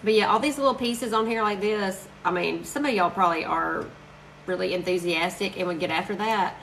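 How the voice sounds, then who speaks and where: A woman's voice: fairly low pitch, fairly bright tone, a little hiss or hum, rough recording. A woman chatting casually and gushing to viewers while crafting on a live stream. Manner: chatty, gushing, quick to laugh.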